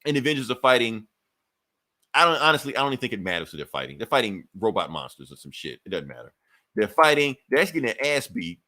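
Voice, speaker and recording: A man on a podcast casually retelling a comic book story, animated and profane, acting out the characters' lines as he goes. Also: medium pitch, fast talker. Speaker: podcast co-host.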